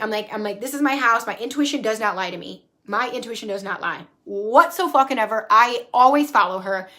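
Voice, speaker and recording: A woman in her thirties, talking into her phone at home. Her voice is bright and sits a bit high. She tells her story in a chatty, animated way, with plenty of swearing. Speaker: spiritual coach and vlogger. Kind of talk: casual storytelling vlog. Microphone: phone camera.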